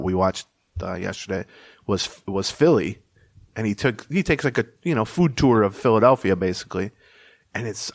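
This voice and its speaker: A man from Minnesota with a Minnesota accent that leans toward Chicago, co-hosting a casual sports podcast in a rambling, self-deprecating way. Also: mid-range voice. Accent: Minnesota, leaning Chicago. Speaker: podcast co-host.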